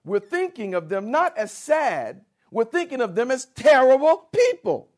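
Male preacher, unhurried and insistent, speaks straight to the congregation. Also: very high voice, big pitch swings, a little mellow. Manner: spells out Greek words slowly and earnestly; addresses listeners directly and insistently. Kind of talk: sermon.

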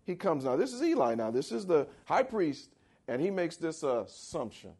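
A man preaching a sermon in a conversational style, asking for amens and swinging between loud and quiet. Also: sing-song, moderate pace, breathy edge. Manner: dramatic swings in pitch and volume. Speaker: pastor.

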